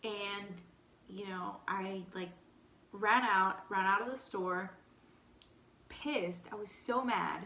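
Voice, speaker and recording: A young woman with a light Texan accent casually telling a personal story between bites, animated and candid, full of "like". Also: medium pitch, slow, long pauses, roomy sound. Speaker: vlogger. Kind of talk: storytime eating show chat.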